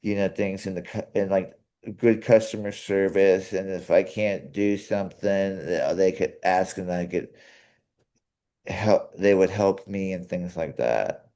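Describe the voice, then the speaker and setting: Earnest halting man, low voice. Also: warm tone. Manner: halting, restarts often, earnest. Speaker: co-host. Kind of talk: casual chat.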